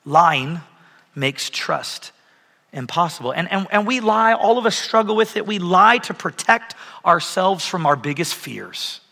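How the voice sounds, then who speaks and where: A man in his thirties preaching a sermon as a pastor, telling stories with lively energy and asking the audience to raise their hands. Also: high voice, moderate pace, vocal fry, hardly any pauses. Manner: animated storytelling, asks audience for raised hands. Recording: long reverb of a large hall.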